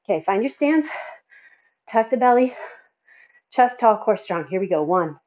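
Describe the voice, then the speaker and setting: A woman's voice: mid-range voice, lively intonation, a little slow, a little mellow, muffled recording. A woman fitness instructor coaching a workout, counting reps and encouraging, sighing and a bit out of breath between exercises.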